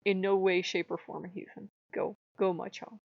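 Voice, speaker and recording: A woman's voice: medium pitch, little pitch movement, normal speed, creaky, no echo, dull audio, lightly acted. A woman quoting a tender, grandfatherly old god. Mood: gentle. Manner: soft, fond, reassuring.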